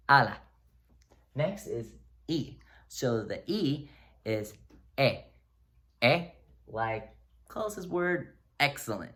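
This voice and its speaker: A man teaching pronunciation in a casual video lesson, relaxed and encouraging, joking often and using plenty of fillers. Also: a little high. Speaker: language teacher. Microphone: close-up camera.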